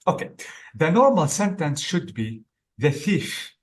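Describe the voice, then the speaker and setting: A man's voice: on the high side, big pitch swings, measured pace. A male English exam tutor teaching one-on-one, explaining step by step and often checking in with "okay?".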